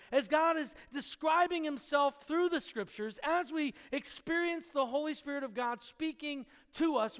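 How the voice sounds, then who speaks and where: High-voiced man preaching in a reverberant hall. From Pennsylvania. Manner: storytelling, lively, asks the congregation for agreement. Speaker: pastor. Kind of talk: sermon with opening prayer and story. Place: church sanctuary.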